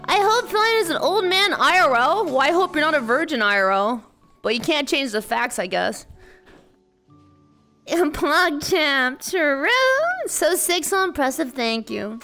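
A woman's voice: high voice, animated, measured pace, bright, forceful tone, faint music behind. A woman hosting a live stream in casual chat, playful and bubbly, greeting her viewers with a slightly sore voice.

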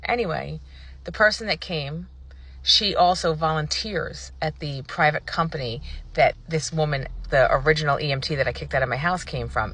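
A woman vlogger telling a personal story to the camera in a casual, animated and indignant way, acting out what people said. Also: deep voice, breathy edge. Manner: animated, indignant retelling with acted-out quotes.

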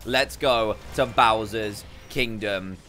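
A man giving casual let's play commentary as a gaming YouTuber, excitable, often bursting into high laughs and talking to his viewers. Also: takes it slowly, a little hiss or hum.

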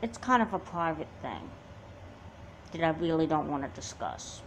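A woman's voice: low voice, big pitch swings, moderate pace, a little hiss or hum. Woman doing a curt wary teen girl on the phone, cold, doll movie. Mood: guarded. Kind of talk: amateur doll-movie voice acting.

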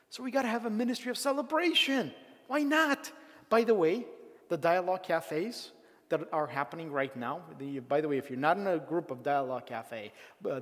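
A male pastor preaching a conversational, animated sermon, often acting out the voices of grumbling people. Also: high-pitched. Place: church sanctuary. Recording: long hall reverb.

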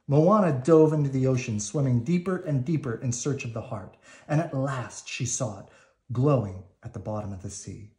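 A man reading a children's storybook aloud at bedtime in a calm, measured way. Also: mid-range voice. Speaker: storybook reader.

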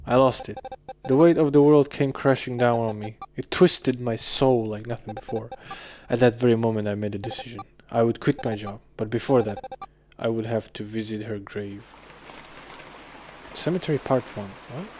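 A man's voice: medium pitch, moderate pace, dark tone, a little hiss or hum. A man giving wry let's-play commentary, muttering and swearing casually. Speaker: game commentator. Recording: faint game music behind.

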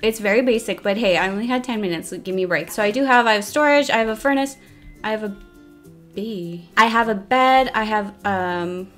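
A woman's voice: mid-range voice, fairly quick, fairly bright tone, faint music behind. A young woman giving casual commentary over her own game, chatty and self-mocking, often flustered as she races the clock. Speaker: gaming YouTuber.

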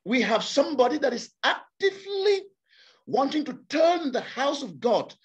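A man's voice: extremely high pitch, big pitch swings, moderate pace. A man preaching a sermon to a congregation, impassioned and repeating words for emphasis. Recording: slightly dull lo-fi sound.

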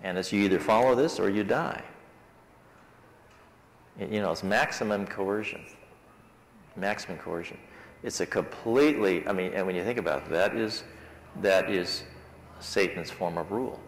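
A deep-voiced man keeps a moderate pace with long pauses while casually discussing the lesson with his Sabbath School Bible class. The setting is a church classroom, with reverberant church-hall acoustics and a little hiss or hum.

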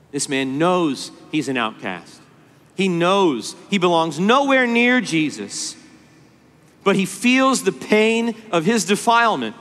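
A man preaching a sermon at a conference, impassioned, moving between hushed low passages and rising pleas. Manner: impassioned, swings from hushed to pleading. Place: large conference hall. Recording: long hall reverb.

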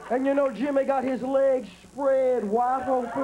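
A man doing stand-up comedy on stage, rapid, flamboyant and animated. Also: extremely high pitch, over music, rough recording.

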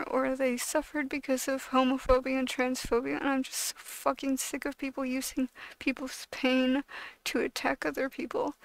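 Gravelly high-voiced woman ranting angrily. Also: no room sound, poor audio. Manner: heated, swearing, repeats herself and restarts often. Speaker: video creator. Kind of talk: angry rant to camera.

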